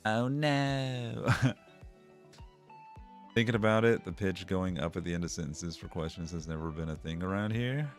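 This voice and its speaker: Streamer, male, very low voice, wry and rambling, laughs a lot, faint music under. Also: normal speed, pauses often. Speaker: streamer reading chat. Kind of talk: casual chat.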